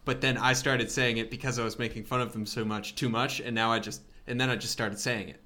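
A young man co-hosting a casual chat, earnest and chatty, sometimes halting over his words. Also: mid-range voice, fairly even intonation, pushed and bright. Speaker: podcast co-host.

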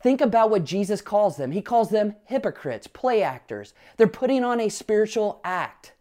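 In a sing-song, high voice that's a little mellow, this pastor preaches at normal speed. He earnestly poses rhetorical questions and weaves in personal stories about his family.

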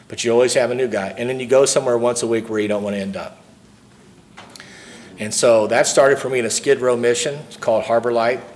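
Middle-aged guy from st louis giving an aa talk, lowish voice, earnest, faint room hum behind. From St. Louis, Missouri. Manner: earnest, storytelling, repeats key lines. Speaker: AA speaker. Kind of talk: recovery talk to a live audience.

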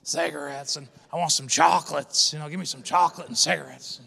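A man putting on the raspy voice of a gruff smoker craving cigarettes, with long reverb around him. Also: fairly high pitch, steady tone, brisk, sharp tone, exaggerated voice.

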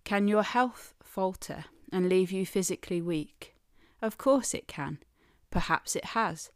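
A woman delivers a devotional teaching at an unhurried pace, her voice smooth and resonant. She speaks in a measured, emphatic way and often turns to the listener with questions. The recording is close and dry. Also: lowish voice, no echo. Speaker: Christian speaker.

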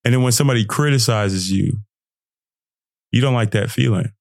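A young man hosting a motivational podcast, talking casually with slang, laughing often and jumping into high mocking voices when he quotes people. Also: fairly quick, dry recording, studio quality. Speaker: podcast host. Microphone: podcast setup.

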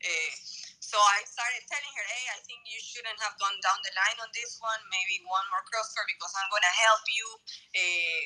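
Bright-voiced woman on a phone line. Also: medium pitch, moderate pace. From Bolivia. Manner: animated storytelling, acting out quotes. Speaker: guest, former tennis player. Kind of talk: casual interview conversation.

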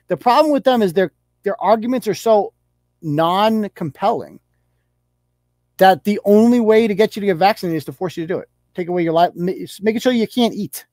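A man's voice: high voice, a little fast, a little mellow, dry recording, studio quality. A man hosting a podcast, ranting about social media posts in a blunt, sarcastic and profane way. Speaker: podcast host.

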